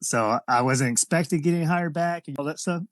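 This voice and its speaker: Man telling wrestling stories, lively, dry sound. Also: fairly high pitch, fairly quick, dry recording. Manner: animated anecdotes, acts out quotes, laughs often. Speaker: former pro wrestler, interview guest. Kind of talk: shoot interview storytelling.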